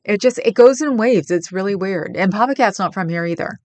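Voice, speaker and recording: She talks fairly quickly in a mid-range voice with a darkish tone, recorded dry. A livestream host from the San Francisco Bay Area, she chats casually with viewers, rambling and laughing frequently.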